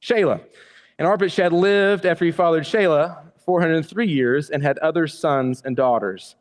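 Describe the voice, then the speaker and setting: A man's voice: fairly high pitch, normal speed, in a large hall. A male pastor preaching a sermon in a church, casual and conversational, with joking asides to the congregation.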